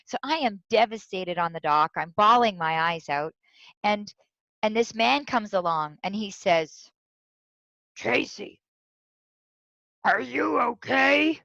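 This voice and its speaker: Woman guest speaker, fairly high voice, animated storytelling, dry dull lo-fi sound. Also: no room sound. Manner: animated, tells stories with quoted voices. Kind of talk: storytelling interview.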